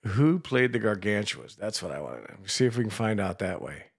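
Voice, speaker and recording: A man's voice: on the low side, big pitch swings, brisk, gravelly, few pauses, slightly rough. A man co-hosting a radio show in casual banter, chatty and thinking aloud while he looks things up.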